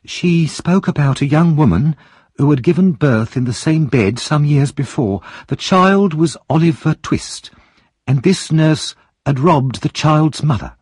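A cold, scheming woman who answers every threat with flat calm, as a man reading a storybook puts her on. The voice sits noticeably higher than his own but keeps a husky, breathy edge. It moves with plenty of rise and fall while staying unshaken. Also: a little slow, no echo, studio quality. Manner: steady, unafraid, matter-of-fact.

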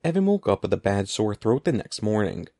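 Casting: expressive male storybook narrator, dark and gravelly, animated delivery. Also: on the low side, a little fast. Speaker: audiobook narrator.

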